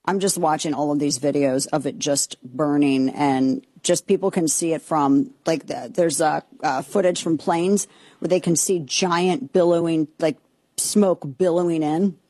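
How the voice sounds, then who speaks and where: A woman's voice: low voice, unhurried, warm tone, no echo. A woman hosting a commentary show, giving heated political opinions in a rambling way with frequent restarts and exasperated outbursts.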